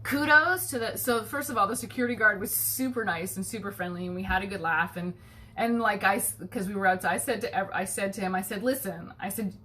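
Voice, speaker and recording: A woman, a home baking vlogger, rambles through a casual story and acts out the people in it. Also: brisk. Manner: chatty, animated, swears casually, acts out quoted people in a higher voice. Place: home kitchen.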